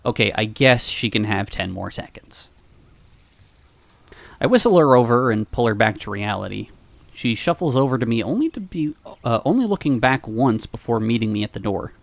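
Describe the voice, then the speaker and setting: A man streamer reading a visual novel aloud with wry, animated storytelling. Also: medium pitch, moderate pace, gravelly, dry recording.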